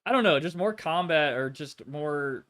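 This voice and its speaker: A man's voice: fairly high pitch, expressive, moderate pace, a bit bright. A man hosting a casual gaming stream, rambling and swearing a lot with plenty of filler words. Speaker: streamer host.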